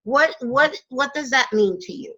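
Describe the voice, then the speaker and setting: A woman hosting a casual spiritual chat from her home, enthusiastic and quick to laugh. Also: high-pitched, pushed and bright, slightly rough, lo-fi sound. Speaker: radio host. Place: home in the Poconos.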